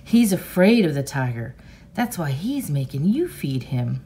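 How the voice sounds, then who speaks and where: A woman reading aloud, voicing a fierce, defiant young girl with a sharp, firm voice. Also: deep voice, very animated, measured pace, slight background noise, full character voice.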